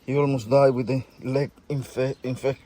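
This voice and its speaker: A man filming his animals outdoors on rural land, cooing baby talk with high squeals and musing slowly between calls. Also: little pitch movement, warm tone, a little hiss or hum. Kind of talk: casual chat to animals and camera.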